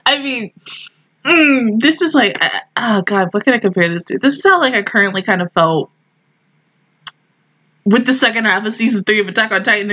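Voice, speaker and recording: A woman's voice: fairly high pitch, sharp tone, low-quality recording. A young woman reacting to an anime episode in casual commentary, emotional and exclamatory, often swearing and laughing.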